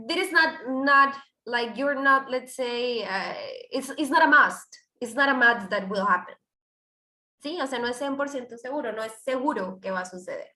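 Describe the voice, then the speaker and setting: A woman teaches an English class, her voice bright and a little high. She explains in loose, restarting sentences and switches into now and then. The room around her is echoey. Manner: explains with many restarts and fillers, switching into Spanish.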